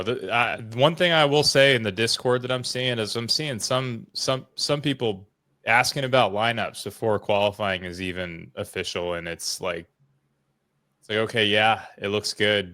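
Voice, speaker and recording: A measured man co-hosting a racing podcast over a video call. He talks in a somewhat low voice and explains points calmly. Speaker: podcast co-host. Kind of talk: casual sports betting chat.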